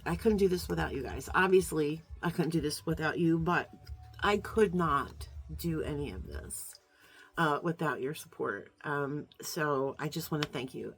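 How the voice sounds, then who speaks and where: A woman vlogger with a slightly low voice talks straight to her viewers in a rambling, heartfelt chat. She is middle-aged, and she keeps stopping and restarting with um and uh. She sounds a little choked up with emotion. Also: slightly rough. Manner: rambling, warm, many fillers and restarts. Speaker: beauty vlogger.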